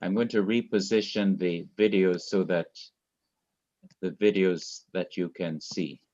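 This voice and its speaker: Slow, low Jamaican man teaching Hebrew grammar. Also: steady tone, darkish tone. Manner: slow, repeats key rules for emphasis. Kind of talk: online class lecture. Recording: dull lo-fi online class audio.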